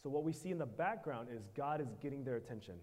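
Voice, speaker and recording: A man preaching a sermon in short phrases, pausing so an interpreter can follow. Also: mid-range voice, expressive, a little mellow. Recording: hall reverb.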